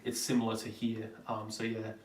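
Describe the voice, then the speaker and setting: A man's voice: lowish voice, completely flat delivery, moderate pace, far from the mic. A young Australian man hosting a live Q&A stream, chatting casually as he answers viewer questions. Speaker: livestream host. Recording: roomy, from off the mic.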